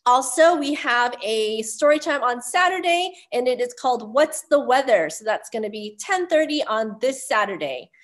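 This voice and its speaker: A woman, a children's librarian, closing a storytime with bright, encouraging talk aimed at young kids. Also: a little high, expressive, normal speed, few pauses.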